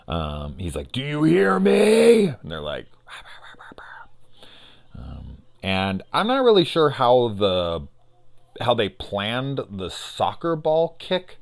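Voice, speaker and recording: A man reviewing a horror film in loose, profane casual chat, acting out scenes in quick voices. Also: medium pitch.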